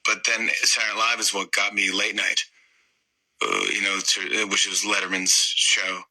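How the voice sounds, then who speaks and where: Bright-toned animated man in his 50s. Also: on the low side, moderate pace, poor audio. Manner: animated storyteller who acts out voices. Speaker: guest. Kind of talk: casual anecdote.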